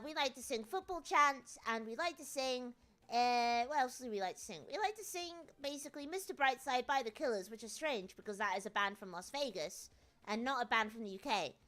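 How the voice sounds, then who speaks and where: A woman's voice: fairly high pitch, a bit bright. A British woman streamer chatting casually and playfully with her viewers, full of jokey asides. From Britain. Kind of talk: casual live-stream chat.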